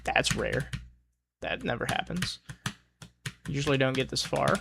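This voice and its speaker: Profane, excitable male streamer talking to himself. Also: medium pitch, unhurried, vocal fry, long pauses, background noise. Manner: profane, excitable, talks himself through attempts. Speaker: streamer playing a platformer. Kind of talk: casual self-talk while gaming.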